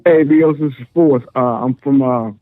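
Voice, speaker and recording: A man's voice: mid-range voice, normal speed. A man from the US East Coast calling in to a live show, chatty and friendly, repeating "man" a lot. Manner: chatty, repeats "man" and "you know what I mean". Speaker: caller. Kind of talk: phone-in chat. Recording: tinny phone line.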